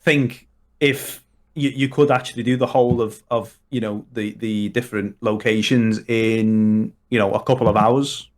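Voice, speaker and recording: With a lowish voice, fairly even intonation and normal speed, this Liverpool man talks in his local accent as a podcast guest. The conversation is casual, and he goes on at length, restarting often and leaning on fillers.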